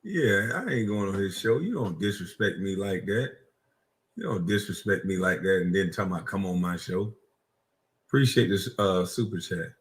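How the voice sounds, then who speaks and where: Hosting a heated reaction stream, this South Carolina man speaks with a Gullah Geechee accent and a low voice. His intonation is lively and his speed normal. He fires off mocking insults, stays combative, and cracks himself up at his own put-downs.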